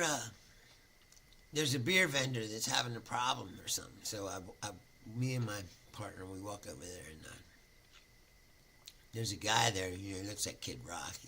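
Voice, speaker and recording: A man hosting his own show, talking in a crisp, bright, gravelly voice. He rambles, swears freely and chuckles at his own jokes as he tells a story, with a faint hum of noise behind him. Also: lowish voice. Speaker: podcast host. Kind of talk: casual monologue, storytelling.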